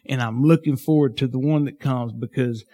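A man preaching a sermon as pastor, fervent and folksy, swinging from shouts to hushed tones. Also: mid-range voice, steady tone, normal speed.

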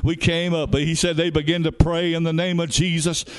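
A man preaching a revival sermon as an evangelist, fervent and peppered with hallelujahs, building up to shouts. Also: on the high side, level tone, a little fast, smooth, soft background music.

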